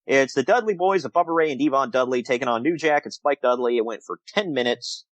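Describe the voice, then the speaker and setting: A man's voice: medium pitch, quick pace, no echo. A man co-hosting a casual podcast review, rambling and laughing often as he retells things. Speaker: podcast co-host.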